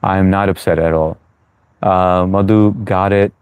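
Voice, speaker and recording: A man's voice: deep voice, steady tone, measured pace, a little mellow, clean tone, no echo. An American-born man hosting a live chat Q&A, chatty and reassuring, with many fillers as he answers viewers. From United States. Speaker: livestream host. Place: New York.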